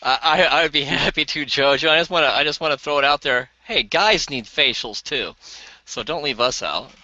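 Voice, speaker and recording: A man with a bright, forceful, slightly high voice tells everyday stories to push a product. He acts out the people he quotes with excitable jumps in pitch. The sound is dry and dull, like a lo-fi video call. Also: moderate pace, no echo. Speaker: co-host of an online sales hangout. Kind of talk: casual storytelling and sales pitch.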